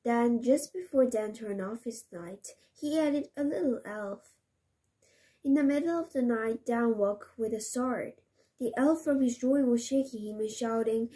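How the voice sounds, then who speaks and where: A woman whose first language is Korean, a parent reading a storybook aloud to a child in English, slow and gentle, with small slips and restarts. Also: fairly high pitch.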